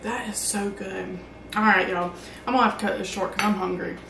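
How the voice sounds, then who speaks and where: A woman hosting a casual barbecue cooking vlog, chatty and excited as she cooks and tastes the food. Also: medium pitch, brisk, gravelly, reverberant, distant mic, background noise. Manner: excited, chatty, talks while tasting. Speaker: barbecue channel host.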